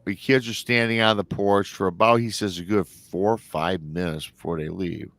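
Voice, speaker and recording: A man from Michigan hosts a livestream and tells a story in a loose, conversational way, leaning on "he goes" as he retells it. His voice sits fairly low. The sound is close and dry. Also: fairly even intonation, normal speed, gravelly, fairly bright tone, no echo. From Michigan, United States. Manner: chatty, colloquial, repeats "he goes" while retelling. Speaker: livestream host.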